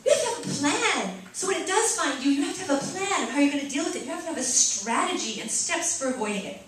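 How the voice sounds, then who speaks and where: A woman voicing an earnest young English man with a put-on British accent, talking high and eager. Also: very animated, fast, a bit bright, slight background noise. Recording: echoey room, mic far off.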